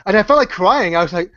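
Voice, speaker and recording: On a casual podcast, a Canadian YouTuber guest jokes and rambles, filling his speech with fillers and restarts. His voice is high-pitched, bright and forceful. The muffled, lo-fi podcast audio carries no room sound.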